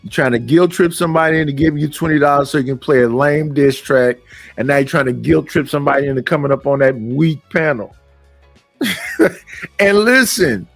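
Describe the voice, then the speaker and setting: High-voiced, blunt older man ranting. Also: dry recording. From Oakland, California. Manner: blunt, rambling, quotes others in put-on voices. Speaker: streamer. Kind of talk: casual ranting commentary.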